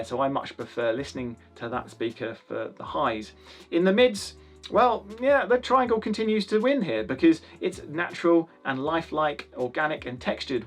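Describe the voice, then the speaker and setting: Man from the UK, speaker reviewer, slightly high voice, rambling chatty delivery, faint music behind. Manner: chatty, rambling, many restarts and fillers. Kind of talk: casual spoken review.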